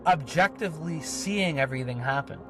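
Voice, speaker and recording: A podcast co-host with a voice on the high side speaks animatedly and a little fast over music. His casual personal story rambles along, peppered with swearing and filler words.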